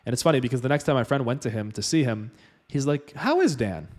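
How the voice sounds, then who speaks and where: A man's voice: mid-range voice, quick pace, darkish tone. A man vlogging, retelling a personal story in loose, casual speech full of "like" and "you know".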